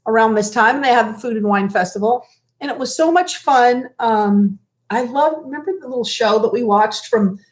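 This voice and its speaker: Higher-voiced woman telling stories on a live stream, animated, acts out the quotes. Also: moderate pace. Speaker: co-host. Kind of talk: casual chat.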